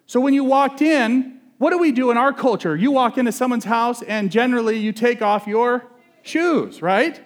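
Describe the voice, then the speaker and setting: A male pastor with a very high voice preaches at normal speed, keeping the sermon relaxed, conversational, and funny. He often poses questions to the audience.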